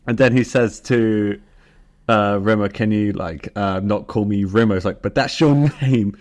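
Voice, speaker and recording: A man with a lowish voice co-hosting a casual podcast. He giggles often and acts out snatches of dialogue in quick put-on voices as he retells scenes. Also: darkish tone. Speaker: podcast co-host. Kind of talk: casual chat recapping a sitcom.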